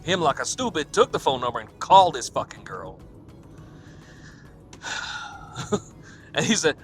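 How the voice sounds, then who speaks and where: A man's voice: fairly high pitch, big pitch swings, unhurried, long pauses, fairly bright tone, faint music behind. A man hosting a podcast, retelling a coworker's story in a casual, profane, laughing way with quoted back-and-forth. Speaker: podcast host.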